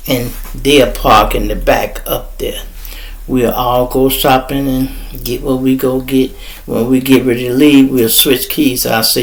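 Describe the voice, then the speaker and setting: A man with a Chicago accent hosting a podcast, telling stories in an animated, profane way and acting out what others said. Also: medium pitch. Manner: animated, profane, acts out quoted voices. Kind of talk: storytelling.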